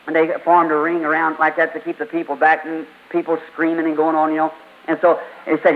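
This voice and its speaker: Preacher man, high voice, fervent rhythmic sermon, muffled old tape sound. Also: flat delivery, a little fast. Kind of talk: revival sermon and testimony.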